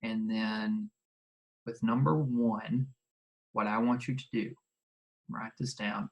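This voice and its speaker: A man teaching a recorded video lesson, talking casually and repeating instructions slowly so students can write them down. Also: on the low side, fairly even intonation, muffled recording.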